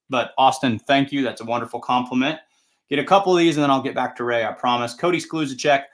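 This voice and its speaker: A man's voice: mid-range voice, fairly bright tone. Chatty, upbeat male show host. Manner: chatty, rambling, upbeat anecdotes. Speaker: tractor pull announcer and show host. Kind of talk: casual livestream storytelling.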